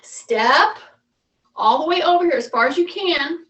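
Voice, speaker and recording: A woman's voice: sits high, expressive, measured pace, a bit bright. A woman fitness instructor leading a live mobility class, giving patient, repeated coaching cues. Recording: echoey room, voice from far off.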